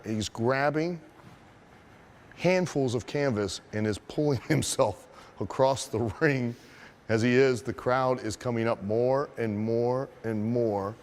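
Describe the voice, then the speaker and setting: A wrestling trainer, speaking in a mid-range voice, tells a story meant as a lesson, animated and profane, firing rhetorical questions at his listeners.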